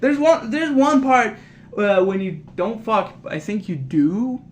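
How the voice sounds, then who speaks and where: A man's voice: sits high, lively intonation, slow, a little hiss or hum. A man giving a rambling, profane, casual recap of a video game, often laughing at it. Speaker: gaming video creator.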